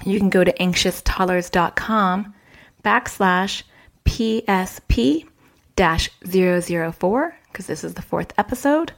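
A woman who works as a child therapist, hosting a parenting advice podcast in a chatty way and acting out the quoted dialogue with jumps in pitch. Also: gravelly.

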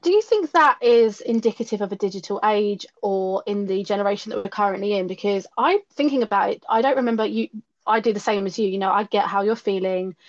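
A woman's voice: medium pitch, fast talker. A middle-aged woman speaks with earnest candour, often doubling a word before her thought gets going. Her voice sits in a middle register. The audio is dull and lo-fi. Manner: earnest, repeats words when starting a thought. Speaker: podcast guest. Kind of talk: candid conversational chat.

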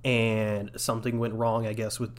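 A man's voice: lowish voice, level tone, normal speed. An American man co-hosting a podcast, chatting casually, laughing often and acting out quotes. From United States. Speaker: podcast co-host. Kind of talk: casual chat.

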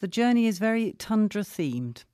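A presenter reads a newspaper article aloud in a dry, wry tone. The voice sits at an ordinary pitch. The sound is close and dry, with no room around it. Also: very animated, moderate pace, dark tone, no echo.

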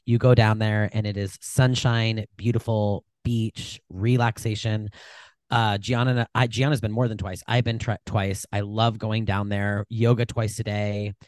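A man co-hosting a casual podcast chat, joking and teasing with lively energy, on a desk mic in a dry room. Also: fairly low pitch, unhurried, dry recording. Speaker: podcast co-host. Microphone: desk mic on a short stand.

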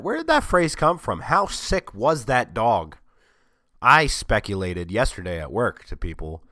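A man with a very low voice, worn and strained from a cold, chats casually into his desk mic. He rambles and jokes at his own expense with dry sarcasm. The sound is close and dead, with no room echo. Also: a bit bright. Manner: sarcastic, rambling, self-mocking. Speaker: vlogger. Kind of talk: casual chat.

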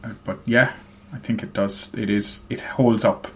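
A man's voice: on the low side, steady tone, measured pace. A man co-hosting a casual podcast, talking about a video game in a hesitant, explanatory way. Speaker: podcast co-host. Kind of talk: casual game discussion chat.

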